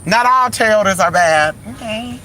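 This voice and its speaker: Man, animated sassy car vlogger, higher voice, traffic audible behind. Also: a little slow. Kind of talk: casual car vlog. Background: road traffic.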